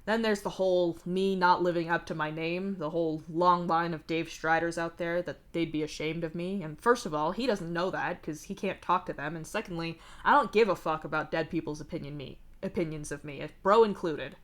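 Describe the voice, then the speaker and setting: A blunt, foul-mouthed young man with a weary, deadpan edge, read aloud by a woman. He talks about his troubles in a wry, lowish voice. The delivery fits a livestreamed fanfic reading. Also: brisk, hardly any pauses, close to an everyday voice. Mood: candid. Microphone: streaming mic.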